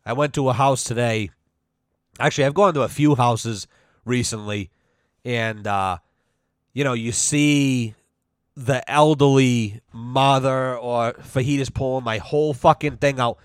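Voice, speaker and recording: A man's voice: medium pitch, measured pace, clean tone, dry recording, studio quality. A man hosting a podcast on a headset at home, telling stories in a casual, rambling way and swearing a lot. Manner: profane, rambling, lots of "you know". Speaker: podcast host. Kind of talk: casual storytelling monologue. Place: at home with his dog. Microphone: headset mic.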